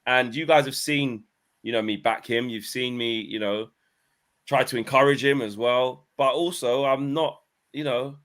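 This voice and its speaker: Guy on a football panel, thinks out loud, lots of restarts, mid voice. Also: medium pitch, steady tone, a little slow. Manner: reflective, hesitant, many restarts. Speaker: football fan channel host. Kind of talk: casual football panel chat.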